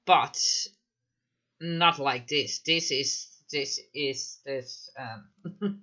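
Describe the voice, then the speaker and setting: A man's voice: mid-range voice, very slow, bright, forceful tone, muffled recording. A man commenting live in a casual chat, emphatic, firing off rhetorical questions and frequent fillers. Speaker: mental health commentator.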